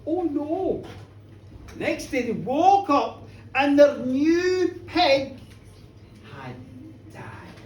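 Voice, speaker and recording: A woman telling a folk tale live, animated, dramatic and playful. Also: mid-range voice, slight background noise. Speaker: storyteller. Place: pub, indoors. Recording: echoey pub room, distant mic, faint ambience.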